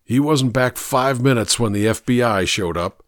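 A man's voice: medium pitch, moderate pace, no echo, studio quality, lightly acted. A man voicing a desperate, dying fugitive. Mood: bitter, defensive. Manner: plaintive, rising to shouting. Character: dying cowardly male fugitive, coughing, desperate.

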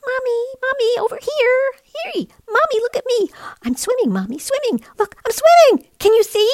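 A woman voicing a tiny, excited young boy penguin in a storybook reading, with a high, gleeful, breathless voice. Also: moderate pace, no echo, clean studio sound.

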